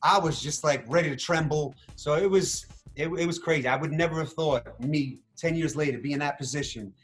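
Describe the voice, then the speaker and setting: A man talks through his story in a casual interview, voice a bit higher than most men's. He gets animated, acting out what he said and thought. Faint music plays underneath. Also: brisk. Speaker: reality show contestant interviewed.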